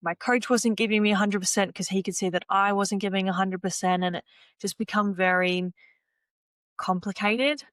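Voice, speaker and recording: In this casual interview, a former swimmer appearing as a podcast guest reminisces at a moderate pace in a medium-pitched voice with no room sound. The young woman acts out what she and others said, sprinkling in "like" and "you know" in an easygoing way.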